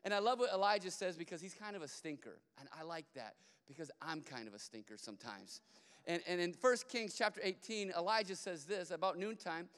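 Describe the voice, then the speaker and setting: A pastor delivers a sermon in a relaxed, storytelling way and slips in playful asides. His voice is smooth and resonant and sits a little high for a man. Long reverb from the church hall trails behind each phrase. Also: a little fast. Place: church sanctuary.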